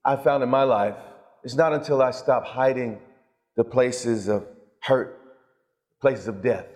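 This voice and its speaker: A man's voice: mid-range voice, unhurried, a little mellow. A man preaching a sermon with emphatic passion, often stumbling and repeating words as he builds his points. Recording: long hall reverb.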